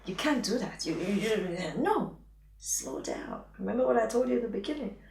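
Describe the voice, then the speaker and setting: A woman's voice: fairly high pitch, expressive, a little fast, gravelly, very noisy. A woman giving frank, playful intimacy advice as a coach, often dropping into a whisper. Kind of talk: advice vlog talking to camera. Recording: echoey room, voice distant from mic.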